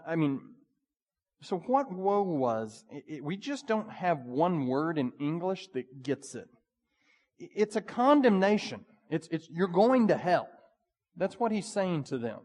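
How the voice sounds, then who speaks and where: A male pastor preaching a sermon, swinging between urgent pleading and hushed, quiet passages. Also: on the high side. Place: church sanctuary. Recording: long hall reverb.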